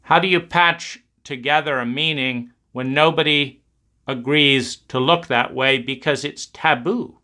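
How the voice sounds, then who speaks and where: A man giving a reflective talk, speaking in slow, emphatic, repetitive cadences. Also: medium pitch, sharp tone.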